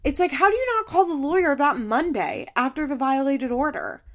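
A woman co-hosting a casual podcast recap, ranting and swearing in exasperation, sometimes mocking people in exaggerated high voices. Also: sing-song, fairly quick, fairly bright tone. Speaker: podcast co-host.

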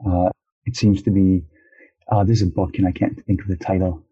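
A man's voice: sits low, level tone, normal speed, breathy edge, dull audio. A man in casual chat, talking thoughtfully and hedging with fillers as he explains ideas. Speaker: conversation partner.

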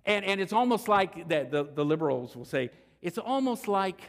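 A man preaching a sermon, emphatic and deliberate, often restarting phrases. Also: high voice, very animated. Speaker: pastor. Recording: long church-hall reverb.

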